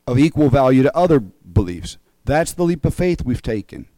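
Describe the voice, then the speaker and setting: A man delivering a sermon-style teaching, reasoning step by step with emphasis and often pausing to check in with his listeners. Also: medium pitch, big pitch swings, mellow, no echo. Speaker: preacher.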